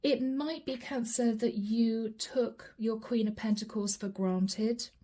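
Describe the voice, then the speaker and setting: A woman's voice: fairly high pitch, fairly even intonation, slow pace, dark tone. A woman doing a channeled tarot reading, chatting directly to her viewers as she reads the cards aloud. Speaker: tarot card reader.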